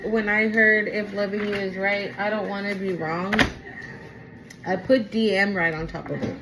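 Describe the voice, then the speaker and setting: A woman's voice: mid-range voice, fairly even intonation, normal speed, very noisy. A woman giving a casual spoken tarot reading to her viewers, talking in an emphatic, repetitive way. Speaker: tarot reader.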